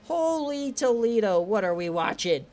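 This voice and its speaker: A man giving excitable, profane play-by-play of a streamed online football game, his voice strained from shouting. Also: unhurried, faint music behind. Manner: swings from shouted calls to low, relaxed chatter. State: straining voice, says he is losing it.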